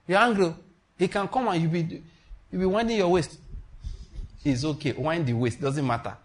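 Lively preacher man. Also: on the high side, normal speed, pauses often. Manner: emphatic, repetitive preaching with call and response. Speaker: pastor. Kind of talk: sermon.

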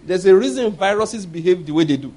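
A middle-aged man preaching a sermon, telling personal stories with animated quoted voices and laughing at his own tales. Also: sits high, brisk. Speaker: pastor.

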